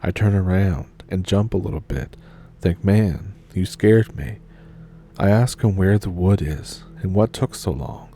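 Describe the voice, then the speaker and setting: A man reading a scary first-person story aloud in a measured storytelling manner. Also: sits low, warm tone, a little hiss or hum. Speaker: narrator. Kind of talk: scripted horror story narration.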